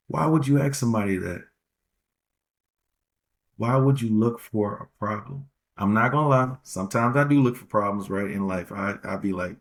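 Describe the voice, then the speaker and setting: Podcast host, male, low voice with gravel, rambling slangy advice, repeats himself. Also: normal speed. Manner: rambling, repeats phrases for emphasis; slangy, street-casual phrasing. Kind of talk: casual relationship-advice monologue.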